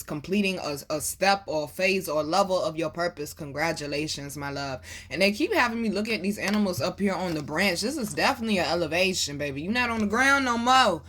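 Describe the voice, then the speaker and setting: A woman doing a casual tarot reading for her viewers in a lively, preaching cadence. She calls them baby and boo. She swears easily and without any edge. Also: lowish voice, slight background noise. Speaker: tarot reader.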